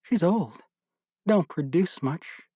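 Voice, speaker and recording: A man's voice: on the high side, lively intonation, takes it slowly, breathy edge, no echo, clean studio sound, voice pushed up, exaggerated voice. Man voicing a tender seventeen-year-old mother. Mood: wary. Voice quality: soft, homespun rural speech.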